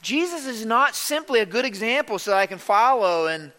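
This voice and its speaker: A man preaching a sermon as pastor, emphatic and swinging between loud and hushed delivery. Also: high-pitched, lively intonation, moderate pace, big-room sound.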